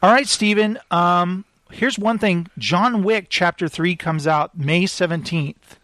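Male podcast host, high voice, loose amused rambling delivery, dry close sound. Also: slow, a bit bright, no room sound. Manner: chatty and amused, full of filler "like". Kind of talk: casual podcast chat.

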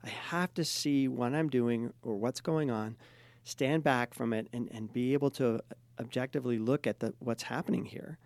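A man's voice: medium pitch, moderate pace, a little mellow, dry recording. A middle-aged male therapist co-hosting a podcast, talking agreeably about clients. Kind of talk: conversational discussion.

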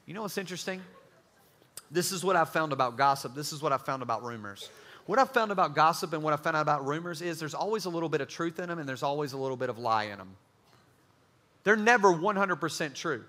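A young man preaching a youth sermon, joking and acting out quick bits of dialogue. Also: fairly high pitch, lively intonation, sharp tone. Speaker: youth pastor.

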